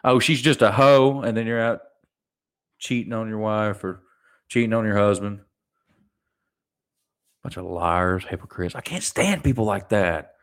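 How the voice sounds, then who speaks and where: A man's voice: lowish voice, measured pace, long pauses. A young adult man hosting a solo podcast, ranting animatedly and mocking people in put-on voices. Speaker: podcast host.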